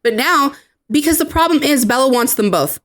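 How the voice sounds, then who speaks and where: A woman's voice: high voice, expressive, moderate pace, fairly bright tone. A woman hosting a podcast in casual chat, exasperated and swearing as she retells scenes. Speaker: podcast host.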